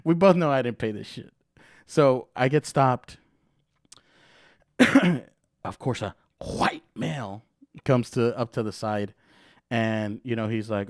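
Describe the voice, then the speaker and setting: A man's voice: medium pitch, slow, long pauses, no room sound, studio quality. Young man swearing through a story. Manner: profane, slangy storyteller, calls everyone dude and bro. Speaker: podcast host. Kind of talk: casual podcast chat.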